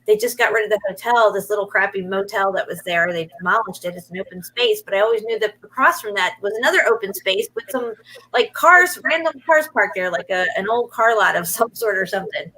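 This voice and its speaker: A woman co-hosting a casual talk show, telling animated stories with lots of swearing and laughter. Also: mid-range voice, fairly quick, rough recording. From Alabama. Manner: animated storyteller, swears freely, laughs often. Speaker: podcast co-host. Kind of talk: casual chat.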